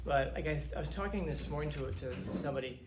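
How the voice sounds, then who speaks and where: A man from Los Angeles tells his class a story in a loose, lively way, acting out the other people's lines. His voice sits a little high. The classroom is roomy, with a faint hum of ambience behind him. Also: quick pace. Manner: casual, animated retelling with quoted dialogue. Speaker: teacher. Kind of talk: storytelling to students.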